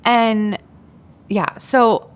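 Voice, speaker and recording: A woman guest in a podcast interview, telling a parenting story in a candid, animated way and acting out the voices she quotes, with many filler words. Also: fairly high pitch, drawn-out words, smooth.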